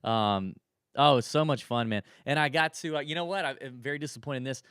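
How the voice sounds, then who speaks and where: A man's voice: mid-range voice, brisk, fairly bright tone, clean tone, no echo, studio quality. A man co-hosting a podcast in casual chat, rambling through stories with frequent restarts. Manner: chatty, rambling storyteller with restarts. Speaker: podcast co-host.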